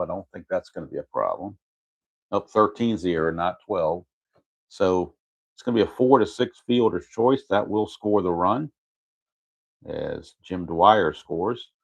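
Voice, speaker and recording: With a low voice, this man walks through his tabletop baseball replay play by play, casually and methodically calling out each dice roll and chart result and fixing his own mistakes as he goes.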